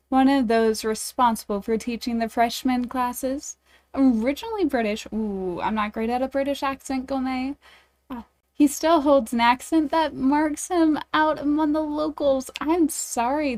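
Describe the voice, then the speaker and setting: A woman's voice: high-pitched, a little mellow. A woman streaming a dating game, reading it aloud and chatting with her viewers in a bubbly, giggly, self-deprecating way.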